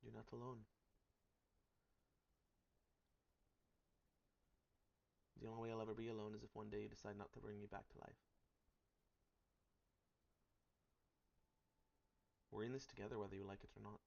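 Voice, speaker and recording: A fierce, loyal woman sworn to guard her friend, as a man puts her on, with a Russian accent and a low voice. She talks earnestly and insists on her point, her tone gravelly with fry. The audio is dull and lo-fi. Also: flat delivery, racing, darkish tone. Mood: devoted. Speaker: tabletop player. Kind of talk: in-character roleplay.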